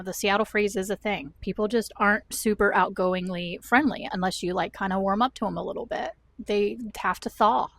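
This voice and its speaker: Chatty Southern-raised woman vlogging. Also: medium pitch. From American South. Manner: rambling, self-deprecating, animated storytelling. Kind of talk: chatty talk-to-camera vlog. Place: at home.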